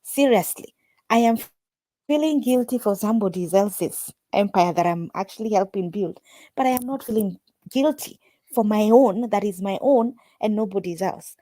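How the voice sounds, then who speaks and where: A woman's voice: medium pitch, normal speed, no room sound. A woman hosting a casual group call, talking emphatically and telling stories with lots of feeling. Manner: emphatic, animated storytelling.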